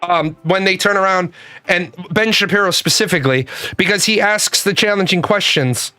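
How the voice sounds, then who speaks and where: A man's voice: high voice, moderate pace, bright, forceful tone, no room sound, soft background music. Man ranting in profane commentary. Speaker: reaction commentator. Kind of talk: heated reaction commentary.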